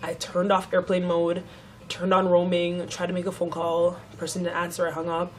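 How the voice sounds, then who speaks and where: A woman's voice: fairly low pitch, completely flat delivery, normal speed, a little hiss or hum. A young woman vlogger telling a story in a casual chat, swearing freely and acting out what others said.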